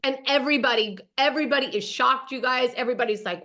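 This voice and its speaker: Chatty woman host dishing reality tv gossip, animated, talks right to you guys. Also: high voice, fast talker, hardly any pauses. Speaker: podcast host. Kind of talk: casual gossip recap.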